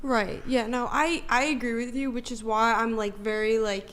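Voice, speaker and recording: A woman's voice: a little high, fairly even intonation, normal speed, a bit bright. A woman guest on a podcast panel, answering hesitantly, with lots of fillers and hedging. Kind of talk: casual debate answers.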